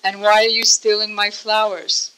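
A woman speaking as a haughty young cowherd boy, gruff and accusing. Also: medium pitch, level tone, normal speed, bright, forceful tone, lightly acted, poor audio.

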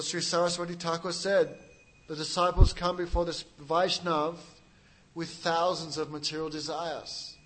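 A man with a slightly high, fairly bright voice preaches a sermon on a low-quality recording. He tells a story with dramatic, emotional delivery, acting out the quotes and laughing at his own jokes.

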